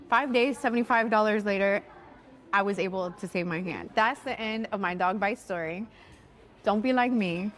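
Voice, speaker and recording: A woman in her thirties tells a travel mishap story straight to camera in a relaxed, chatty way. She is animated and lively, and she acts out what other people said along the way. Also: mid-range voice. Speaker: travel vlogger.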